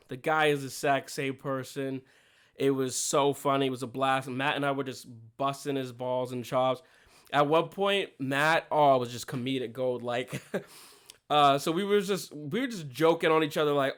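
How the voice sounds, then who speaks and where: A young man hosting his own show, telling stories in a chatty, relaxed way, with fillers and laughs. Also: medium pitch, smooth. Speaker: show host. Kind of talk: casual solo talk.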